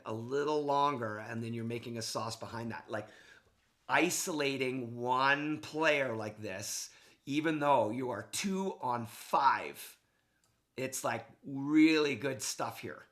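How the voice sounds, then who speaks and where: A male hockey coach talks through game film in an easy, excited voice-over. He keeps it casual and checks in often with "okay" and "right". His pitch sits in an ordinary middle range. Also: takes it slowly. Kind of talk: video game analysis for a player.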